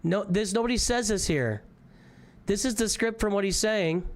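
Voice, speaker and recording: A man's voice: high-pitched, moderate pace. A man casually reviewing a viewer's game roster on a live stream, rambling and easily distracted. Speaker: gaming streamer.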